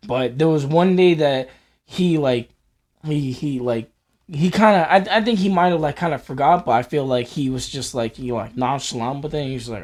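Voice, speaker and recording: A man's voice: mid-range voice, brisk, a little mellow. A man co-hosting a casual chat, rambling with many fillers as he tells stories. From New Hampshire. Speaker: co-host.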